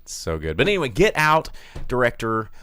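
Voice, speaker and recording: A man co-hosting a movie podcast, talking casually and animatedly, cursing freely and slipping into quick impressions of people. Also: mid-range voice, smooth. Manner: animated, swearing, mimics people in quoted voices. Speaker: podcast co-host.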